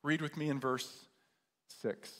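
A man with a fairly high voice preaching a sermon, leaning on repetition and rhetorical questions. His words echo through a large hall with a long reverb tail. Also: steady tone, takes it slowly, a bit bright. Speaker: pastor.

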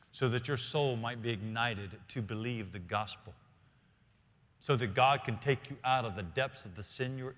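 A male senior pastor preaching a sermon in a church, earnest, often slowing and dropping to quiet emphasis. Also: fairly low pitch. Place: church sanctuary. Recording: long reverb of a large hall.

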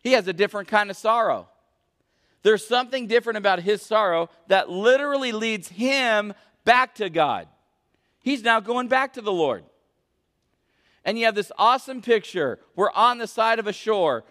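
Male pastor, fairly high voice, sermon, call and response with congregation, long hall reverb. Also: lively intonation, normal speed. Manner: questions the congregation and calls for answers; swings from loud emphasis to hushed intensity.

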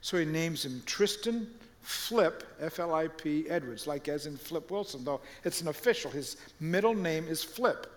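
A man preaching a sermon and retelling stories with lively quoted voices. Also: on the high side, normal speed, hardly any pauses, in a large hall. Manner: animated storytelling, acting out quoted voices. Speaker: pastor.

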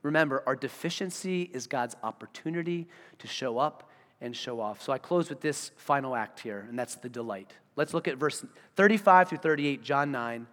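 A man's voice: medium pitch, normal speed. A man preaching a sermon as pastor, acting out the voices of the people he talks about. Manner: animated, acts out voices of the people he describes. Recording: reverberant church hall.

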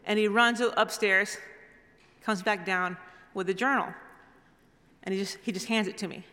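Bright-voiced woman preaching in echoey hall. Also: mid-range voice, fairly even intonation, moderate pace. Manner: rambling, warm storytelling with restarts. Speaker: guest speaker. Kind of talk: storytelling sermon. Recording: reverberant hall.

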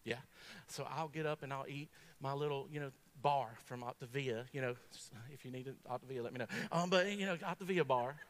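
A man preaching a sermon in a folksy, humorous, animated storytelling way. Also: medium pitch, a little fast.

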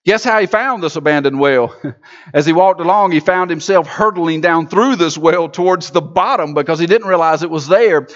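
Pastor delivering a sermon: high-pitched man, rhythmic and repetitive, dull church recording. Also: normal speed. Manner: rhythmic, repetitive preaching with rising emphasis.

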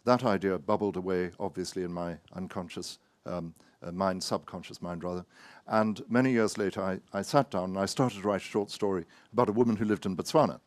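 A man, an author, giving a wry, anecdotal talk full of hesitant pauses and self-mocking asides. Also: deep voice, no room sound.

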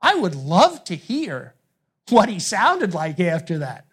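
A man's voice: high voice, wildly swooping pitch, slow, a bit bright, slightly rough. A male pastor preaching a sermon in an earnest way, putting rhetorical questions to his congregation.

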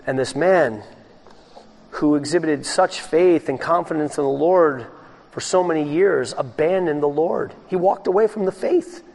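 A man preaching a sermon as pastor, swinging between loud, raised passages and hushed, low ones.

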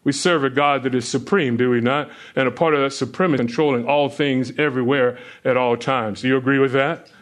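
A man's voice: steady tone, fairly quick. A man preaching a sermon who keeps asking the listeners questions, with chuckles between points. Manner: asks the listeners questions, rises in pitch when stressing points. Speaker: pastor.

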